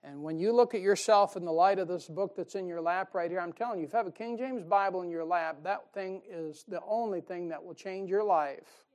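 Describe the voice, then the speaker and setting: This high-pitched male preacher talks briskly with few pauses. His sermon is homespun and emphatic, punctuated by laughter at his own jokes and shifts from loud stresses to hushed asides.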